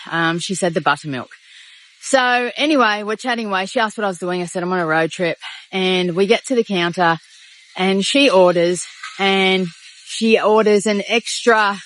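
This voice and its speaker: A woman's voice: fairly low pitch, a bit bright, poor audio. A woman with an Australian accent, telling a story to her phone camera outside a shop on a road trip. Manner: chatty, tearful at moments. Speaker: travel vlogger. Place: outdoors by a shop.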